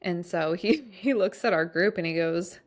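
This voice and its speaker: A woman's voice: fairly low pitch, moderate pace. A woman hosting a solo podcast, talking in a casual, rambling way with many fillers. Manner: chatty, rambling, heavy use of fillers like "like" and "um". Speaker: podcast host.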